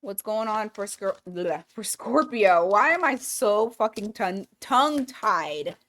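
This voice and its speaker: A woman's voice: medium pitch, expressive, takes it slowly, fairly bright tone. A woman giving a casual weekly tarot reading, blunt and profane, thinking aloud as she pulls cards. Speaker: tarot reader.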